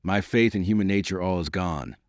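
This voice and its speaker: A man's voice: deep voice, a little fast, no echo, studio quality, lightly acted. A man voicing a heartbroken young nobleman who speaks with grave, earnest dignity in an audiobook.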